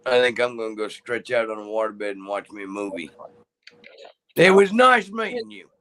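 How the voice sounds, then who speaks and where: A man's voice: medium pitch, lively intonation, moderate pace, bright, forceful tone, a little hiss or hum, rough recording. A middle-aged man telling rambling, profane stories in a casual chat, often laughing. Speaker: live chat guest.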